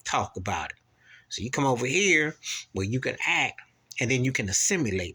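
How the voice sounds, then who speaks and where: A man in the middle of a heated one-person rant, his voice at an ordinary middle pitch. He talks in a preachy, repetitive way, hammering his points again and again. Every so often he leaps up into sharp, high-pitched bursts of emphasis. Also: big pitch swings, moderate pace, slightly rough. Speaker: vlogger. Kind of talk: opinion rant to camera.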